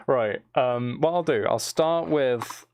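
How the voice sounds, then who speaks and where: A man's voice: mid-range voice, a little mellow, clear, resonant tone, no room sound, studio quality. A man chatting casually on a live stream, reading out viewers' messages and hesitating often.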